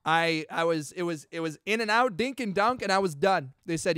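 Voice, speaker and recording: A young man hosting a podcast, excitedly telling a personal story in casual chat, full of dude and bro. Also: high-pitched, normal speed, smooth, no room sound, studio quality. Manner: chatty and excitable, peppers talk with dude and bro. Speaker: podcast host.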